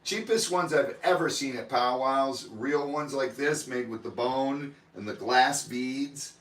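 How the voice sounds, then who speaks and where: A man's voice: medium pitch, a little slow, fairly bright tone, distant mic. A man hosting a live auction stream, calling out bids and chatting in a casual, joking way. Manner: chatty, calls bids and jokes. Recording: echoey room, a bit off-mic.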